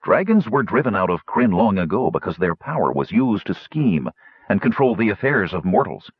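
A stern knight bound by honor weighs every word slowly, as a man reads him out. The voice sits low and husky, with wide swings in pitch. The recording is dry and dull. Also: very animated, dry recording. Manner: stern, measured.

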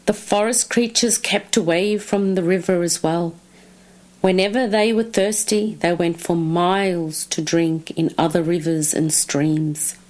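Slow, expressive woman storyteller. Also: on the low side. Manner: slow, expressive, drawn-out phrasing. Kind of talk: children's story reading.

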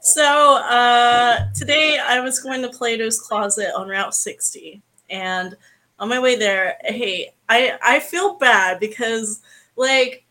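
Woman, high bright voice, giggly, hesitant storytelling. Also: slow pace, poor audio. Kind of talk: casual storytelling.

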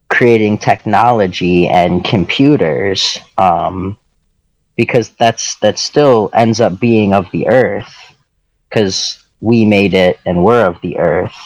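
A man in casual conversation, musing slowly and reflectively on ideas. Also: fairly low pitch, no room sound, low-quality recording. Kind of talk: casual chat.

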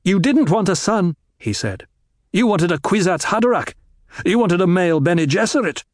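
A man's voice: on the high side, expressive, a little slow, a little mellow, dry recording. An actor playing an anguished young man who is cold, bitter and intense, in a radio drama. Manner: intense, rising to cries.

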